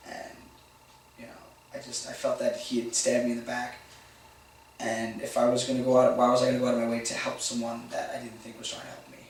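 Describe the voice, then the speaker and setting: A man talks quickly and haltingly as he reflects on an old decision, quoting himself along the way. His voice comes from a distance in a very roomy space, with a faint hiss underneath. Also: medium pitch, completely flat delivery. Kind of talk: candid recollection.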